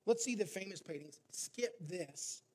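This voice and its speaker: A man voicing an impatient male bidder who shouts demands from the back of a room. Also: high voice, lively intonation, a little slow, slightly rough, full character voice. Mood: angry.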